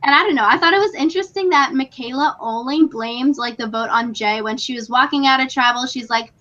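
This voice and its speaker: A young woman chats excitedly as a podcast co-host, her voice high and sharp. The audio is a bit dull and lo-fi. She talks loosely, with lots of fillers and laughs. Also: a little fast. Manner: chatty, excitable, frequent "like" and laughs. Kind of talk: casual chat.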